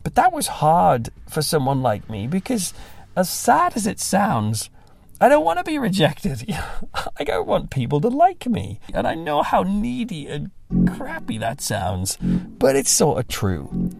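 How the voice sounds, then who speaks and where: Young male pastor, casual self-deprecating talk, gravelly, lively pitch, faint music under. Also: a little slow, dry recording. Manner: animated, self-deprecating, mimics voices.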